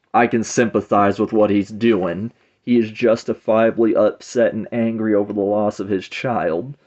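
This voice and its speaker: A man with a low voice talks through a comic book review in a loose, rambling way, stringing thoughts together with "it's like." The recording is dull and lo-fi. He sounds like he is chatting rather than reading a script. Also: a little mellow. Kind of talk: casual spoken review.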